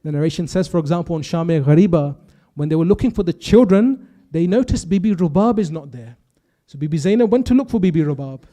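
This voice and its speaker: A man's voice: a little high, animated, fast talker, warm tone. A young man delivering an emotional religious sermon, telling stories with quoted dialogue and rising to impassioned intensity. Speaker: speaker at a youth majlis.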